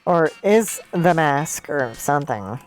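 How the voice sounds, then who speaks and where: Low-voiced woman streaming a game. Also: expressive, takes it slowly. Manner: reacts with confused asides between read lines. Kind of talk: casual game stream, reading dialogue aloud. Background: game music.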